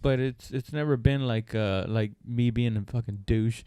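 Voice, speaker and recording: A man's voice: mid-range voice, normal speed, warm tone, smooth, dry recording, clean studio sound. A young man co-hosting a comedy podcast, talking in a rambling, profane, self-mocking way in casual chat.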